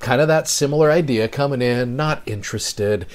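A middle-aged man hosts a devotional podcast, speaking in an earnest, reflective way. He is a seminary teacher who tells a personal story. His voice sits at an ordinary male pitch. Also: moderate pace.

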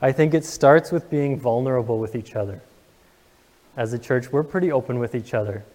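A man's voice: medium pitch, a little fast, a little mellow, in a large hall. A young man preaching a sermon to his congregation, earnest and emotional, asking the room questions. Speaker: pastor. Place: church sanctuary.

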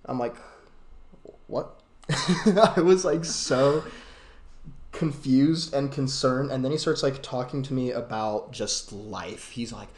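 A man's voice: medium pitch, slow. Young male podcast host, casual rambling storyteller, mid-range voice, roomy echo. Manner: rambling, many fillers and restarts.

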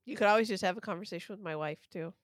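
A woman's voice: mid-range voice, rapid-fire, no echo, studio quality. A woman co-hosting a podcast in casual banter, blunt and teasing, who swears freely and laughs a lot. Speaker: podcast co-host.

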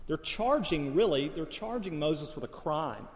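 A man's voice: fairly high pitch, lively intonation, normal speed, hardly any pauses. A man preaching a sermon in an earnest, questioning way, with rising emphasis. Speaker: pastor. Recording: long hall reverb.

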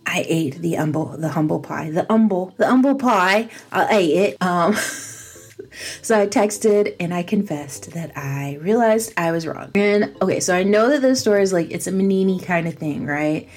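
A woman's voice: on the low side, normal speed, darkish tone, slightly rough. A woman hosting a casual solo podcast, chatty and self-mocking, laughing often as she talks. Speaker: podcast host.

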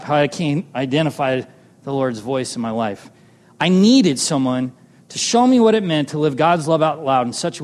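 A man telling a personal testimony as a sermon, animated, moving between loud exclamations and hushed tender moments. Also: mid-range voice. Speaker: preacher sharing a testimony. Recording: long hall reverb.

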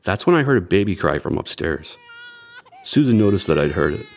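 An actor playing a young amateur detective who narrates his own story in an audio drama, telling it in a measured, tense way. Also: low-pitched, very animated, a little hiss or hum. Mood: tense narration.

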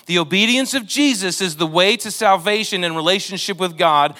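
A man preaching a sermon in a church, animated and acting out quoted lines in different voices. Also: high voice, a little fast, few pauses. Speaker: pastor.

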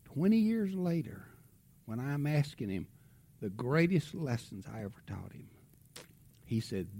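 A middle-aged man preaching, telling a family story with lively swings from loud outbursts to hushed tones. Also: medium pitch, measured pace, a little hiss or hum. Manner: animated storytelling, drops to a hush for tender moments. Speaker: pastor. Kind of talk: sermon storytelling.

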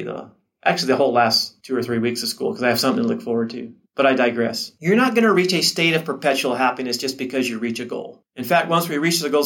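A man's voice: mid-range voice, fairly bright tone. Middle-aged man, teacher, conversational advice talk, mid-range voice, restarts and self-quoting asides. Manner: conversational, repeats words and restarts, acts out his own inner dialogue. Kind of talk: casual motivational talk to camera.

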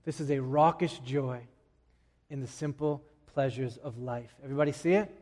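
A man preaching a sermon as pastor, animated and joking, swinging between loud shouts and quiet asides. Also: mid-range voice, moderate pace. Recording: long reverb of a large hall.

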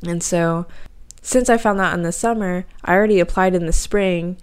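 Smooth-voiced young woman sharing a heartfelt story. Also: lowish voice, moderate pace. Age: young adult. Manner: emotional, tearful at times, filler-heavy casual talk. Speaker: podcast host. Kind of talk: personal faith testimony. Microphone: home podcast mic.

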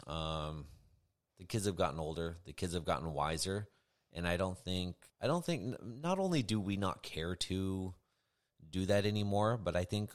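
A man co-hosting a podcast, talking earnestly about co-parenting and often agreeing with "right". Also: sits low. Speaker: podcast co-host. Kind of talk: casual conversation.

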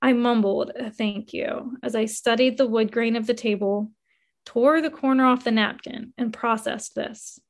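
A woman narrating a first-person memoir in an expressive reading that rises with emotion. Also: on the high side, unhurried, gravelly.

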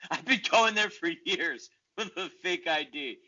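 A man's voice: sits high, a little slow, muffled recording. A man from Queens, New York, co-hosting a casual sports podcast and telling stories with frequent laughs. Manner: laughing, animated storyteller. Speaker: podcast co-host.

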